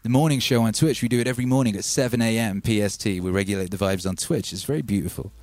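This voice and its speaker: A man's voice: on the low side, quick pace, darkish tone, no echo. Laid-back man hosting a livestream. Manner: laid-back, rambling, calls listeners baby. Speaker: livestream host reading chat. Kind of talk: casual livestream chat. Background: faint music.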